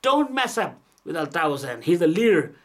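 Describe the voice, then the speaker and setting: A man's voice: fairly high pitch, big pitch swings, moderate pace, fairly bright tone. A man delivering an aggressive, scolding political rant, repeating his points. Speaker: political commentator.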